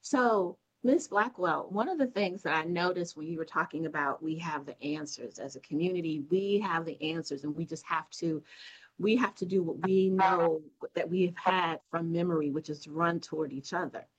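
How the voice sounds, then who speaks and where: A woman with a fairly low voice hosts a radio interview show. She asks her questions in a measured, thoughtful way. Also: breathy edge, lo-fi sound. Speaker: radio host.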